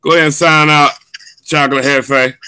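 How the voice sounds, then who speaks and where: A man hosting a live football show, loud and hyped, often shouting and stretching his words. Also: fairly high pitch, steady tone, moderate pace, clear, resonant tone. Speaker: host. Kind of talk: excited live sports show chat.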